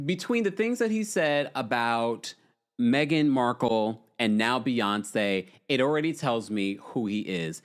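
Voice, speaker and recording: A male host chatting on a live stream, reading viewer comments in a sassy, animated way. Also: measured pace. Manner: animated, sassy, swooping pitch.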